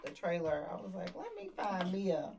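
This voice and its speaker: A woman's voice: fairly low pitch, sing-song, fairly quick, far from the mic, noisy background. A woman co-hosting a podcast in casual chat, playful and blunt, laughing easily. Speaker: podcast co-host.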